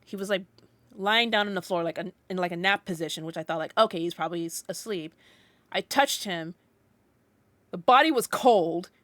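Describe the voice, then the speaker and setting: A young woman with a fairly low voice chats casually on a podcast. She rambles through her story, filling it with "like" and starting sentences over. The sound is dry, with little room. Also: moderate pace, a bit bright, no echo. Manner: rambling storytelling with many "like" fillers and restarts. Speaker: podcast co-host.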